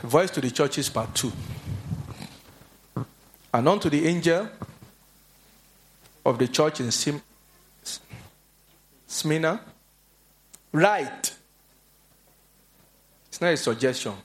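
A man's voice: takes it slowly, long pauses. A man preaching a sermon, telling stories animatedly and acting out the voices of the people he quotes. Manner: animated storytelling, acts out quoted voices in a high pitch.

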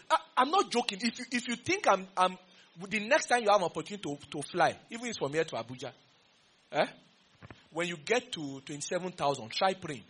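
Husky, bright-voiced Nigerian preacher. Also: male voice, sits high. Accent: Nigerian English. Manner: animated, teasing, quizzes the congregation. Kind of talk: sermon.

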